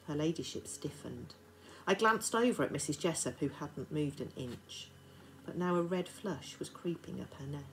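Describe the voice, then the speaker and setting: A woman, a teacher, reading a children's novel aloud to her class in a steady, expressive narration. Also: deep voice, moderate pace, a little hiss or hum, low-quality recording.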